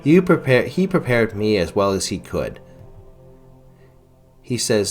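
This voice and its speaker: A man with a very low, deep voice narrates his role-play run of a fantasy video game. His pitch rises and falls lively as he retells what each character says. Faint game music sits behind him. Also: a little slow. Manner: retells characters' lines in first person, with fillers. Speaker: game player narrating a playthrough.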